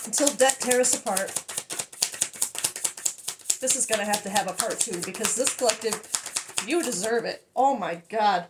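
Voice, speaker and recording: A woman with a high-pitched voice reads tarot cards for her viewers in a casual, chatty way. She gets excitable and emotional, often laughing and dropping sentences halfway through. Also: normal speed, noisy background. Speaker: tarot reader. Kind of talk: casual tarot reading to camera.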